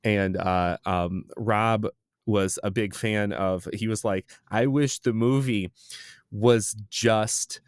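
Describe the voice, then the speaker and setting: A man's voice: lowish voice, fairly even intonation, slow, clean tone, no room sound, studio quality. A man co-hosting a podcast, chatting casually and rambling about a film. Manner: rambling, hedging with fillers. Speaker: podcast co-host.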